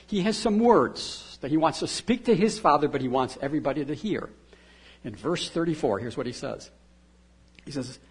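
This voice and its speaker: Husky-voiced man preaching with fervor. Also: on the high side. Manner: swings from quiet intimacy to loud emphatic repetition. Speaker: pastor. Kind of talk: sermon.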